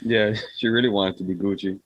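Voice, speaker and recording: A man co-hosting a casual movie review podcast, making blunt, quick remarks and swearing freely. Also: fairly low pitch, steady tone, dry recording. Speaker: podcast co-host.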